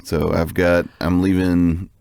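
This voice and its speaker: A man's voice: deep voice, monotone, takes it slowly, creaky, a little mellow, clear, resonant tone, no echo, clean studio sound. A young man co-hosting a podcast, laid-back in casual chat, often answering with short agreement. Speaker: podcast co-host.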